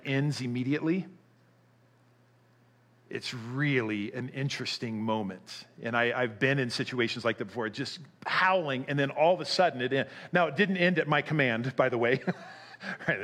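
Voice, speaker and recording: A middle-aged man preaching a sermon, telling a story with animation before turning quiet and earnest. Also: mid-range voice, brisk. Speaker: pastor.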